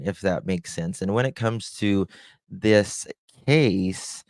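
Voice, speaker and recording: A man hosting a true-crime livestream, talking slowly with a gravelly edge in a low-ish voice. He chats casually, greeting viewers by name and reading their comments aloud. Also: no echo, studio quality.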